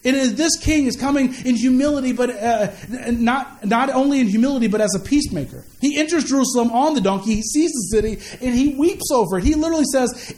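A man's voice: very high voice, fast talker, few pauses, a little mellow. A man preaching a sermon in a conversational way, repeating words and asking the listeners questions. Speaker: pastor.

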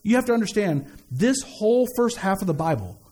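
A man with a notably high speaking voice delivers a sermon in an easygoing, conversational manner. He drops slang and jokes between scripture readings and repeats lines to drive them home. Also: very animated, a little fast, darkish tone. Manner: conversational preaching with slang and humor; repeats phrases for emphasis. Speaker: pastor.

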